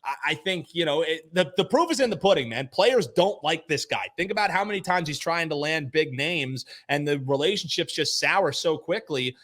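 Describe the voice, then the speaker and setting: Ranting higher-voiced Philly sports fan. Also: male voice, normal speed, hardly any pauses. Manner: animated, ranting, sarcastic. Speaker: guest betting analyst. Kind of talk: casual sports-betting chat.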